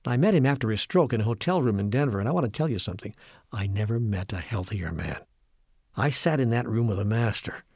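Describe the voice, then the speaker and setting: Husky guy doing an inspirational spiritual talk, earnest, steady, builds up lists, dry sound. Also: on the low side, fast talker, dry recording. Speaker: spiritual speaker.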